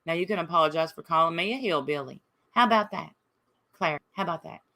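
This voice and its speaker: An Appalachian woman hosts a casual livestream, combatively reading and answering comments from her chat. Her low-pitched voice is expressive, pushed and bright, and runs a little fast.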